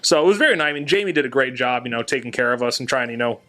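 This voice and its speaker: A young man telling a family trip story on a casual podcast, animated and laughing at himself. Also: mid-range voice, very fast.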